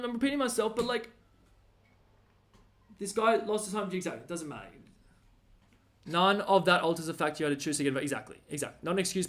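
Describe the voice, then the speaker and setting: A man's voice: sits high, fairly bright tone. An Australian man ranting casually, rambling and slangy with lots of fillers and restarts.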